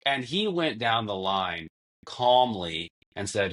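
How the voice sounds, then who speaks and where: Young man, low voice, podcast guest, rambling storyteller. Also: very animated, slow pace, fairly bright tone. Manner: long-winded storytelling, acts out quotes. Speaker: podcast guest, former basketball player. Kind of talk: casual conversation.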